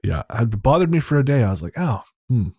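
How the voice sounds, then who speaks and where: A man hosting a podcast, talking in a relaxed, easygoing way and reading out plugs and credits. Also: mid-range voice, fairly quick, husky, dry recording. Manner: relaxed, laughs easily. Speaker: podcast host. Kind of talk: casual podcast outro and banter.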